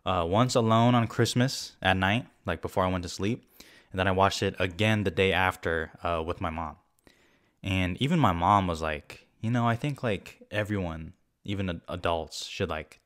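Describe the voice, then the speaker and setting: A young man giving a casual, rambling film review. He is excitable and swears often. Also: low voice. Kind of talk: casual spoken movie review.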